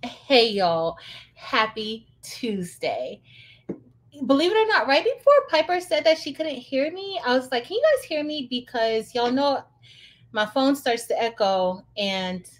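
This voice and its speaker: A woman's voice: a little high, expressive, takes it slowly. A woman hosting a casual crafting livestream on her phone, chatting and greeting viewers.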